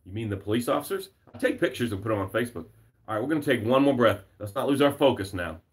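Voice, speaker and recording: A man's voice: medium pitch, animated, quick pace. Emphatic motivational coach, man. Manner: emphatic and repetitive, reads viewer comments aloud. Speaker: success coach hosting a live broadcast. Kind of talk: motivational livestream talk. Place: home.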